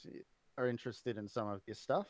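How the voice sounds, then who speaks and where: A man voicing a brisk, businesslike male fleet admiral in a plain, everyday voice during a tabletop game. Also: medium pitch, no room sound, lightly acted. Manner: plain, unaccented delivery.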